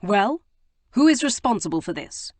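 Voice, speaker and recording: A woman reading an audiobook, voicing an agitated, guilt-stricken young gentleman who bursts into exclamations. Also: a little high, sing-song, normal speed, no echo, voice pushed up. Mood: demanding. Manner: distraught, exclamatory outbursts. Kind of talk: audiobook character voice.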